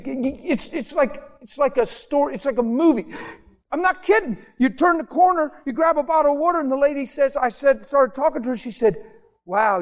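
High pitched guy preaching, all fired up then going soft and quiet. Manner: impassioned, swings from loud animated storytelling to hushed intimate tones. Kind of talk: sermon with storytelling.

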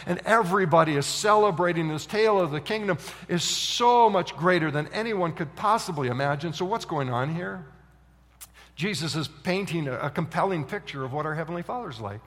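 A man preaching a sermon, telling a story with animated voices for its characters. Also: sits high. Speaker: pastor. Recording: long hall reverb.

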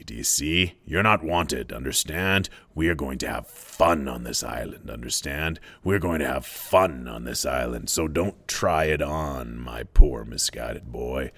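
A man's voice: rumbling low, a little slow, gravelly, a bit bright, no room sound, pitched below the performer's own voice, exaggerated voice. A man voicing the Lord of the Flies, a rotting pig's head that menaces a boy in a mocking schoolmaster tone. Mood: menacing.

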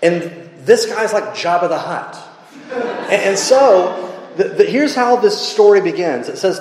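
A man preaching a sermon as a pastor, in an animated, humorous and conversational way. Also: high-pitched, measured pace. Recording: echoey hall reverb.

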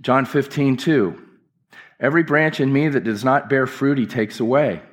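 A man's voice: mid-range voice, fairly even intonation, moderate pace. A male pastor delivering an impassioned, emphatic church sermon with repeated phrases. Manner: impassioned, emphatic preaching with repetitions.

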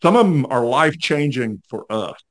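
A man's voice: medium pitch, animated, moderate pace. Folksy older man telling a story. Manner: folksy, rambling, with many fillers. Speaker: podcast host. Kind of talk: casual storytelling interview.

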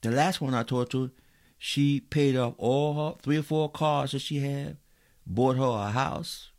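A man's voice: medium pitch, a little slow, darkish tone. A man preaching a sermon as a pastor, telling stories and speaking directly to his listeners.

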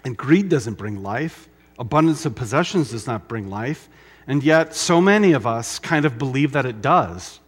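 A middle-aged man preaching a sermon, emphatic, with dramatic pauses and repetition. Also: mid-range voice, animated, slightly rough. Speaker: pastor.

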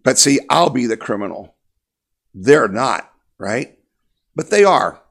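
A man's voice: medium pitch, animated, slow pace, creaky, fairly bright tone. A man giving an impassioned political monologue as a talk host, emphatic and repetitive, rallying his listeners.

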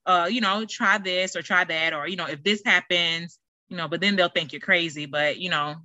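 A woman's voice: lowish voice, normal speed, pushed and bright, no echo, muffled recording. A middle-aged woman hosting her own podcast, talking in a chatty, rambling way with lots of fillers and restarts. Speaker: podcast host. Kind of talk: casual solo podcast chat.

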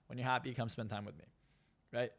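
A man's voice: mid-range voice, fairly even intonation, fast talker, creaky. A man who is a hypnotist and coach, guest on a podcast interview, talking bluntly and profanely with lots of emphasis.

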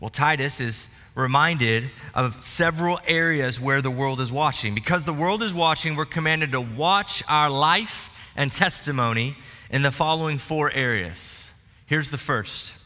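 A man's voice: a little high, measured pace, sharp tone. A male pastor giving a sermon in a church, talking conversationally with humor and asides. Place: church sanctuary. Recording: reverberant church hall.

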